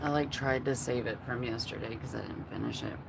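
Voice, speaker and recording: A woman's voice: rumbling low, fairly quick, gravelly, heavy background noise. A woman in her forties hosting a casual livestream at home, chatting and answering her chat in a rambling way, full of fillers and restarts. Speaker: livestream host.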